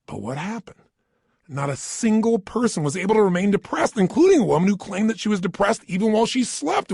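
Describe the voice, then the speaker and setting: Middle-aged male motivational speaker, fairly high husky voice, emphatic, swoops up and down, dry close mic. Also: a little mellow, dry recording. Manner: emphatic, questions the listener directly. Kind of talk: energetic motivational talk. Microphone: studio microphone.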